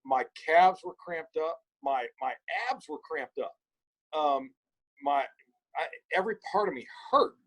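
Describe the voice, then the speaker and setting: Husky-voiced man telling an animated story. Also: a little high, unhurried, rough recording. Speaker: podcast guest. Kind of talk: casual storytelling conversation.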